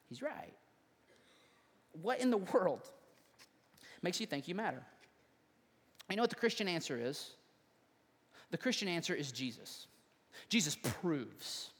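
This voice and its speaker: A man pastor preaching a sermon, building from quiet questions to rising appeals. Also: a little high, long reverb tail. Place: church sanctuary.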